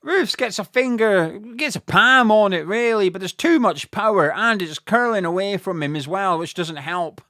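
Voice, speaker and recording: A man with a high voice gives live fan commentary on a football match at a moderate pace with few pauses. Excitable and swearing freely, he bursts into shouts at big moments, and the audio is studio quality with no echo.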